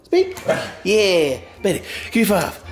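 Loose and playful, this man hums goofy sound effects and jokes around in a casual family vlog filmed indoors at home. His high-sitting voice swings widely in pitch, he takes his time, and soft music plays behind him.

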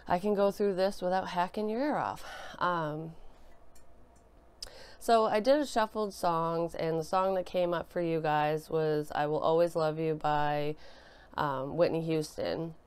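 A woman's voice: deep voice, darkish tone, smooth. A young woman with a cold and a nasal voice, chatting casually through a tarot reading with many fillers. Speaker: tarot reader.

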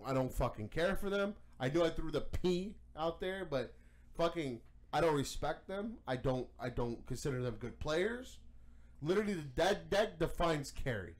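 A man co-hosting a card game podcast, ranting heatedly with lots of swearing and stammered restarts. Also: fairly high pitch. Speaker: podcast co-host. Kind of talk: casual podcast rant.

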